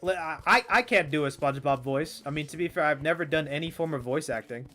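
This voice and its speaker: A hoarse man in his twenties chatting casually while playing a game, rambling with stammered restarts and frequent swearing. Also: on the high side, fast, pushed and bright. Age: 20s. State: hoarse, strained voice. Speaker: gaming streamer.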